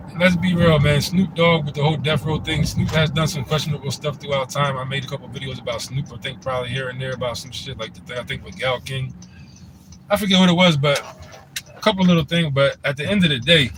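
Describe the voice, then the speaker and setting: This man speaks at a medium pitch against a noisy backdrop. His commentary is casual and meandering, with a channel host's loose phrasing and a habit of tossing in "you know what I'm saying."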